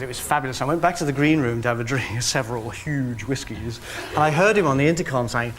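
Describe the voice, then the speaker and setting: A man from England chats in an interview, camp and quick to giggle. His voice sits at a middling pitch. When he quotes people, it leaps into squeaky high impressions. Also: background noise. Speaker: interviewee, comedian and broadcaster. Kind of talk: anecdotal interview chat.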